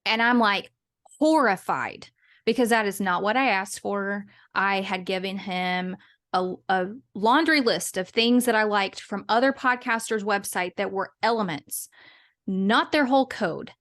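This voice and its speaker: A woman's voice: medium pitch, measured pace, a bit bright. A woman guest in a casual interview, talking in a chatty, rambling way with frequent restarts and small laughs. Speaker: guest, business owner and podcaster.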